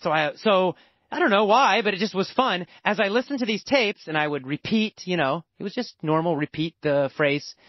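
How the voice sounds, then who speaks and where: An American man tells a story as part of a lesson. His voice sits fairly high and swings widely in pitch as he stresses and repeats words. The recording is dry and dull, with a lo-fi edge. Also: expressive, moderate pace, no room sound. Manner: emphatic, repeats words for emphasis. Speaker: language teacher.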